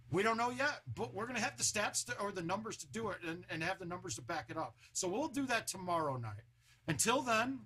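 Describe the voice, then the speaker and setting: A man's voice: high voice, fairly bright tone, a little hiss or hum. A man chatting casually on a home live stream, loose and talkative, with a sore throat.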